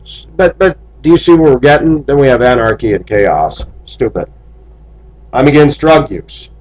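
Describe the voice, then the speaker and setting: A man's voice: mid-range voice, animated, normal speed, darkish tone, poor audio. A blunt man from the United States lays out his opinions directly to his viewers. His voice sits in an average range, and his delivery is firm and preachy. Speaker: vlogger.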